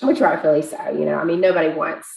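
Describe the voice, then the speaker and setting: A woman guest on a podcast, telling a personal story in a chatty, animated way with many fillers. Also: sits low, fast, gravelly. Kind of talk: casual interview storytelling. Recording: echoey room.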